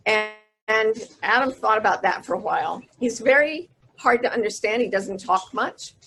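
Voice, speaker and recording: A woman's voice: a little high, fairly bright tone, soft background music. A middle-aged woman giving an earnest, intimate storytelling talk over a video call. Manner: earnest, intimate storyteller who slows down for emotional moments. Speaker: wisdom teacher giving a talk.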